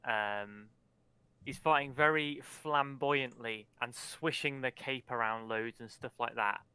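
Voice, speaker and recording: Bright, clear-voiced man at a game table. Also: medium pitch, takes it slowly, no echo. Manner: chatty, describes actions with hesitations. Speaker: player. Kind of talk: casual tabletop play.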